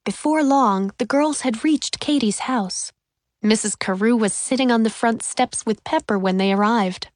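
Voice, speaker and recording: A woman reading a children's chapter book aloud as audiobook narrator in clear, even storytelling. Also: medium pitch, a little slow, dry recording, clean studio sound. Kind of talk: scripted narration.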